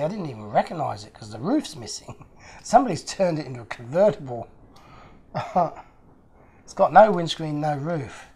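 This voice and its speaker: A man's voice: a little high, darkish tone, breathy edge. A man hosting his own channel, chatting casually and with delight as he unboxes fan mail, chuckling often.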